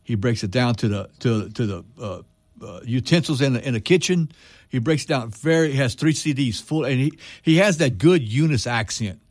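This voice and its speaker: A man's voice: medium pitch, animated, moderate pace, no echo. A man hosts a radio show in a dry, close studio. His voice sits mid-range, and he talks casually, often restarting his sentences as he chats with a guest. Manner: casual, hesitant, many restarts, friendly. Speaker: radio host. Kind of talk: radio interview conversation.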